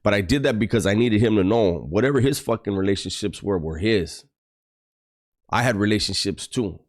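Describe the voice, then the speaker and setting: A man's voice: on the low side, normal speed. A man telling a story from his past in a casual, blunt, streetwise way. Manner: blunt, profane, streetwise, acts out quotes.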